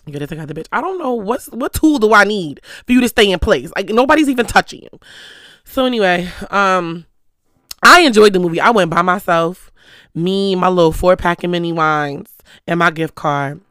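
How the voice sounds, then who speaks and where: A lively vlogger spills gossip to the camera, cursing often and jumping between stories. The voice comes across bright and smooth, recorded dry and close on a stand mic in a small room at home. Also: medium pitch, normal speed, dry recording. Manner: animated, profane, gossipy storytelling. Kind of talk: casual chat to the camera. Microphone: stand mic close to the speaker.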